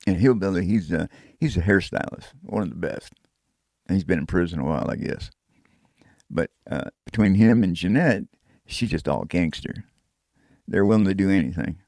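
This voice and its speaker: A man telling his own story in a casual, rough and profane way, chuckling now and then. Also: fairly low pitch, darkish tone, no echo, clean studio sound. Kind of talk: casual first-person storytelling.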